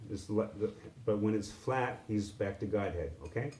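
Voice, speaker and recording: A man teaching a live instrument lesson, halting with frequent restarts and singing syllables to demonstrate sounds. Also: lowish voice, darkish tone. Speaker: music teacher. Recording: echoey room with background noise.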